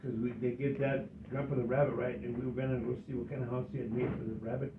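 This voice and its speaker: A man retelling a family story in a relaxed way. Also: mid-range voice, fast, slight background noise. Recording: tinny, echoey, far from mic.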